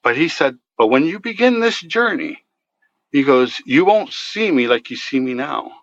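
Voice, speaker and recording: A man earnestly telling of a dream in a halting way, with many fillers. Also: a little high, sing-song, dull audio. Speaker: guest telling his story. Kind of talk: personal storytelling.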